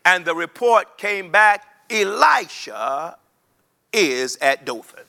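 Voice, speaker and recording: A man's voice: high-pitched, animated, a little slow, pushed and bright, clean tone. A man preaching a sermon to a broadcast audience, reading scripture and repeating phrases for emphasis as he leads listeners to say lines back. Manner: repeats phrases for emphasis, builds to rising chanted intensity; leads the listeners in call-and-response.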